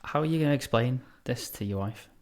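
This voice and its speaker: A man's voice: medium pitch, brisk. A man co-hosting a casual podcast, giving short, dry, laconic replies. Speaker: podcast co-host. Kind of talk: casual chat.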